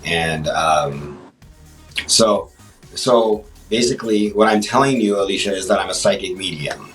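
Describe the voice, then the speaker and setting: A man with a deep voice chats as a guest on a livestream show. He trips over his words and restarts a lot. He sounds a bit away from the mic, and faint music plays under him. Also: fairly bright tone, distant mic, rough recording. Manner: halting, many restarts and fillers. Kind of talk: casual interview chat. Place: livestream app chat.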